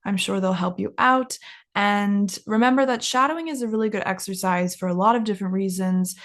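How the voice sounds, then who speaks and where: A young woman teaching an English lesson, who says each travel phrase slowly and clearly for learners to repeat, in a casual, encouraging way. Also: mid-range voice. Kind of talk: English lesson with shadowing drills.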